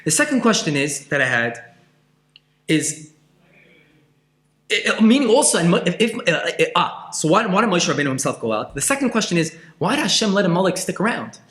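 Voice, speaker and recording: A man giving a passionate Torah class, asking questions and swinging from loud outbursts to hushed asides. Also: high-pitched, sing-song, fairly quick, roomy sound. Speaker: Torah teacher.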